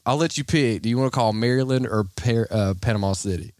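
A man's voice: mid-range voice, fast, a little mellow, dry recording. A man hosting a podcast in casual chat, joking and laughing, often restarting his sentences. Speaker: podcast host.

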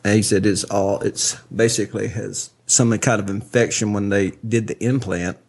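A man in easy conversation whose low voice carries a gravelly, husky texture. He rambles through his stories and breaks into loud laughter. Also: fairly even intonation, normal speed. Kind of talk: casual chat.

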